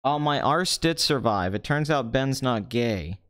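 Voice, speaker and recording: A man hosting a comedic box office show, talking in a sarcastic, deadpan way. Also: mid-range voice, a little slow. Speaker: host.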